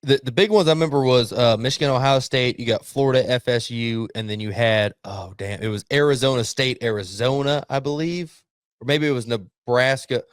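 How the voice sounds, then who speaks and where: A man in casual sports talk as a podcast co-host, blunt and quick to swear, at a middle pitch for a man. The sound is close and dry, with no room echo behind him. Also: clean tone. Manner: blunt, profane, acts out coaches' yelling.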